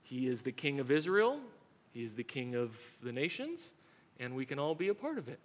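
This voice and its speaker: A man presenting the gospel fervently to a church gathering, building in excitement. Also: medium pitch, moderate pace. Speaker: panel speaker.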